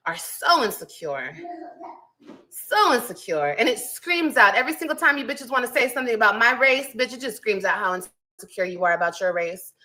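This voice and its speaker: A woman's voice: on the high side, bright, forceful tone. A woman ranting with brash, taunting, profane talk in a clip.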